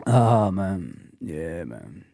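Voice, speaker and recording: A man hosting a casual livestream chat, talking in an animated, rambling, slangy way. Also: low-pitched, very slow, creaky, dry recording, clean studio sound. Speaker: host.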